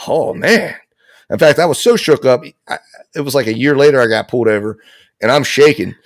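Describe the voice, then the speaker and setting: A man's voice: medium pitch, brisk, no echo. A man casually telling a long personal anecdote on a live talk show. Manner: relaxed storytelling, lots of fillers.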